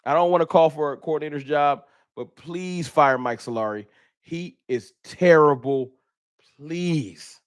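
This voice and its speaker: A man's voice: a little high, measured pace, clear, resonant tone, dry recording, studio quality. A man hosting a casual fan livestream, reading super chats and venting with frustration and bursts of laughter. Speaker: fan channel host.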